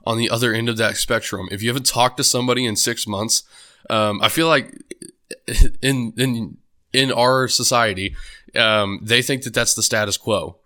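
Rambling young man, bright voice. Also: medium pitch, steady tone, moderate pace. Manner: rambling, casual, many fillers and restarts. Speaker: podcast host. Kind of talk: solo podcast monologue.

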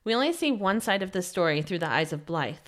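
A woman co-hosting a casual book podcast, chatty and quick to laugh, with a slight lisp. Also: lowish voice, very animated, fairly bright tone. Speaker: podcast co-host.

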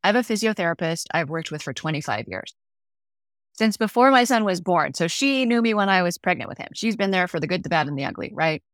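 A woman's voice: lowish voice, expressive, fast, fairly bright tone, dry recording, clean studio sound. A middle-aged woman talking as a podcast guest, telling personal stories and acting out the lines she quotes. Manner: reflective, acts out quoted dialogue. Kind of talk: conversational interview storytelling.

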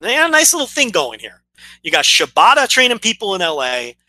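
Bright-voiced man running out of voice. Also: sits high, huge pitch swings, brisk, no room sound, poor audio. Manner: rambling, loose analysis. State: losing his voice. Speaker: podcast co-host. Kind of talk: casual podcast chat.

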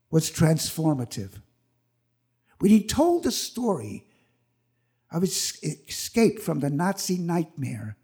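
A man's voice: high voice, vocal fry, a little mellow, husky. A man in his eighties telling a personal story on stage at a live event, vivid and acting out the people in it. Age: 80s.

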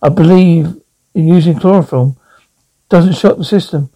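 An actor playing an irritable retired husband who grows coldly menacing. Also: male voice, fairly high pitch, normal speed, natural voice, poor audio. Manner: irritable, then calm and creepy. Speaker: retired husband turned taxidermist.

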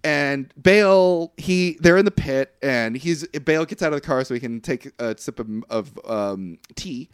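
A man's voice: a little high, measured pace, few pauses, clear, resonant tone, no room sound, studio quality. A man co-hosting a podcast, ranting sarcastically in a casual movie review chat and acting out scenes. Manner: ranting, sarcastic, acts out scenes in quoted voices. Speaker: podcast co-host.

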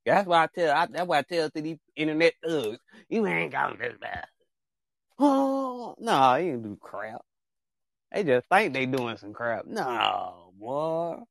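A man's voice: on the high side, a little slow, dry recording, studio quality. A man hosting a casual chat show, joking and trash-talking in slangy speech straight to his viewers. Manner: animated and joking, with playful trash talk. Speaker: show host.

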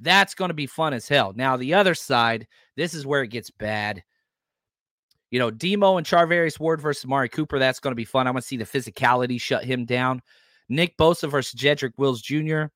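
A man hosting a sports podcast, talking casually and excitably about upcoming matchups and reacting to live comments. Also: medium pitch, a little fast, dry recording, clean studio sound. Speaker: podcast host.

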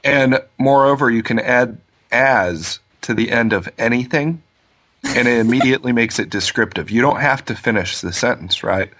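A man's voice: medium pitch, normal speed, a bit bright. A man calling in over a video call as a guest, chatting casually and telling stories with dry, joking humor. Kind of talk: casual chat.

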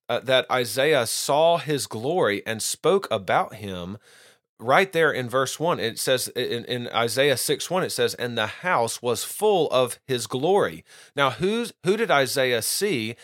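A man explains scripture in earnest, unscripted teaching and keeps restarting his phrases as he goes. His voice sits at an ordinary middle pitch. The sound is dry and close, with no room echo. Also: very animated, unhurried, fairly bright tone. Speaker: Bible teacher.

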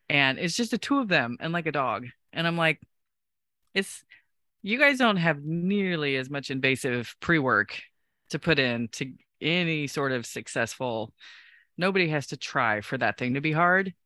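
Speaking in a deep voice at a moderate clip, with no echo, this woman co-hosts a podcast in a relaxed, chatty way. She tells her stories with energy, performing the voices of everyone she quotes.

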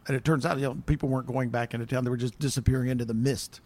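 A man as a podcast guest, chatting in a relaxed and hesitant way. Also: mid-range voice, rapid-fire. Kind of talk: casual chat.

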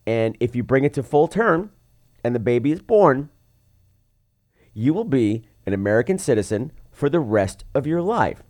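A man's voice: mid-range voice, big pitch swings, normal speed, a little mellow, close to an everyday voice. A man putting on a gloating, theatrical villain doctor while retelling a film. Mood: threatening. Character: moustache-twirling evil male doctor villain.

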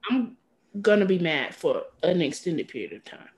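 A woman co-hosting a podcast in casual chat, animated and playfully petty, who often acts out what others might say. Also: fairly low pitch, moderate pace. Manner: animated, acts out quoted lines with playful pettiness. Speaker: podcast co-host.

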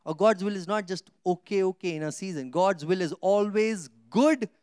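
This male pastor's sermon shifts from hushed, low asides to booming, drawn-out passages of Scripture, with questions put to the congregation. His tone is clean and the recording dry.

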